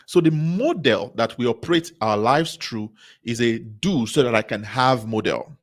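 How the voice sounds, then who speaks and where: A man's voice: mid-range voice, normal speed. A man giving a motivational talk at a business seminar, speaking emphatically, repeating key phrases and asking the audience rhetorical questions.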